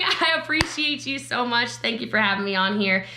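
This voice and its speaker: A woman's voice: fairly high pitch, expressive, quick pace, hardly any pauses, echoey room, background noise. A woman giving a motivational talk on network marketing over a video call from her home, emotional and laughing as she speaks straight to her viewers.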